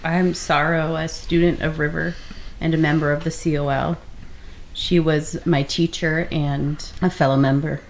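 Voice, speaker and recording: A woman plays a tabletop game in a very low, gravelly voice. She speaks hesitantly and softly, with faint noise in the background. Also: flat delivery, unhurried. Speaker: player. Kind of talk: casual tabletop play.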